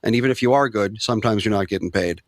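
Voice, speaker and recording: A man's voice: lowish voice, quick pace, no echo. A man co-hosting a podcast, making wry and self-deprecating remarks in casual chat. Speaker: podcast co-host.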